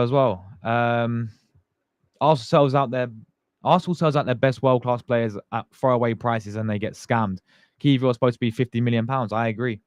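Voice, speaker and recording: A man's voice: mid-range voice, no echo, clean studio sound. A young man hosting a live fan stream, chatting casually and greeting viewers by name in slangy talk. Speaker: fan channel host.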